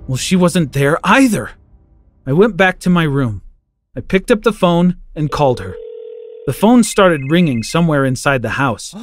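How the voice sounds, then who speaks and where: A man tells a first-person story with a lively, dramatic delivery. His voice sits a little high and swings widely in pitch. Soft music plays faintly underneath. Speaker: narrator.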